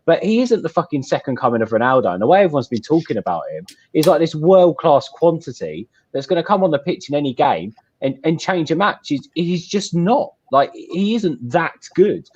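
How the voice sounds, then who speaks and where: A fast-talking man co-hosting a football chat over a video call. He is animated and exasperated and swears freely, his pitch leaping about. The audio is slightly muffled. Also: breathy edge. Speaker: podcast co-host.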